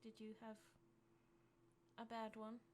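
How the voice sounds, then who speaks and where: A woman voicing a gentle, kindly woman who offers tea, speaking softly and hesitantly with stammers. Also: fairly high pitch, completely flat delivery, takes it slowly, slight background noise.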